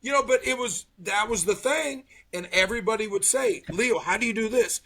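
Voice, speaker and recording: A middle-aged man with a high voice tells stories at a normal pace in a casual chat. He's an animated storyteller who acts out what people said.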